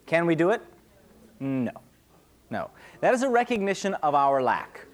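A young man leads a relaxed question-and-answer sermon, his voice sitting a touch high. He talks conversationally, pausing to ask "okay?" as he explains, like a pastor who keeps things informal. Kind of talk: casual Q&A sermon.

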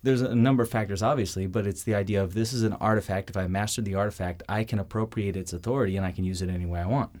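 A man hosting a show, giving an animated teaching talk, acting out quoted voices and checking in with his listeners. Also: lowish voice, rapid-fire, hardly any pauses. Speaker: show host.

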